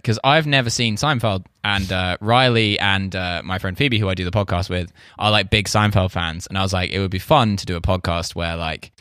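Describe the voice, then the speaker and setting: A man's voice: low voice, a bit bright, smooth, dry recording, studio quality. A British man, a comedian guest on a podcast, telling a story casually with a lot of "like". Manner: rambling, frequent filler "like".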